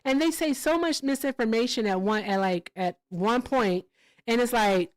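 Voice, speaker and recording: Animated profane woman livestreamer, dry close mic. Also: normal speed, no echo, low-quality recording. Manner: profane, animated storytelling with sudden pitch jumps. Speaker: livestream host. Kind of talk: casual livestream chat.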